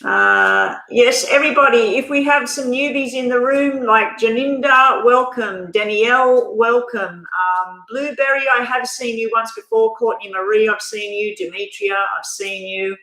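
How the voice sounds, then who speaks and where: A woman's voice: on the high side, expressive, measured pace, hardly any pauses, sharp tone, roomy sound, low-quality recording. A woman giving a live tarot reading in a chatty, rambling way, full of fillers and restarts. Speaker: tarot reader.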